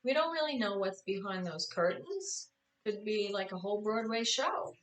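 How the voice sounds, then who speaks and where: A woman's voice: medium pitch, sing-song, moderate pace. Tired woman, tarot reading, casual chat, echoey room, distant mic. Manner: chatty, apologetic, self-correcting. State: tired, yawning. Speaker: tarot reader.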